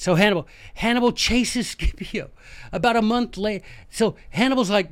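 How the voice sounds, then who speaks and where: A man with a Southern American drawl tells history on his podcast like he's chatting with friends. He's animated and folksy, and he talks right to his listeners. His voice sits a bit high for a man. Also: moderate pace. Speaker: podcast host. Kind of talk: casual history storytelling.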